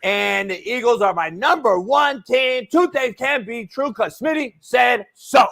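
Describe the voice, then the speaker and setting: Casting: man putting on a loud sports-show hothead, very high voice, shouting hot takes. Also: animated, unhurried, creaky, full character voice. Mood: hyped. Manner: shouty, hyped, repeats the co-host's name. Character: loud male sports-talk co-host giving hot takes. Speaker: host.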